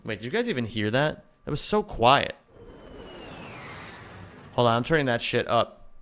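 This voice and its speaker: A man's voice: medium pitch, sing-song, moderate pace, fairly bright tone, a little hiss or hum. A young man live-streaming a game, joking around casually and greeting viewers by name. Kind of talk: casual live-stream chat while gaming.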